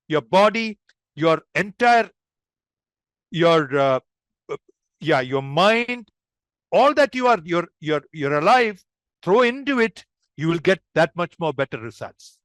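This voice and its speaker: Guy coaching public speaking online, high voice, swings all over, dry sound. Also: no echo. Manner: animated, demonstrative, addresses group as friends. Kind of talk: interactive online workshop.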